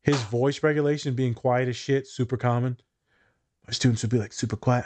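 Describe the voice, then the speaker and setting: A man hosting a casual podcast chat, laughing often and jumping into higher voices when he quotes people. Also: steady tone, brisk, darkish tone, no room sound. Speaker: podcast host.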